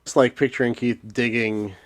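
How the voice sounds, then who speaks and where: A man's voice: medium pitch, steady tone, moderate pace. A man hosting a podcast in casual chat, teasing his co-hosts with dry humor. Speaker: podcast host and editor.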